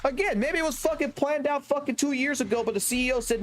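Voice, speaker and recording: A man, a game streamer ranting excitedly and swearing heavily to his live chat. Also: very high voice, fast, hardly any pauses, soft background music. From Southern United States. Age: 30s.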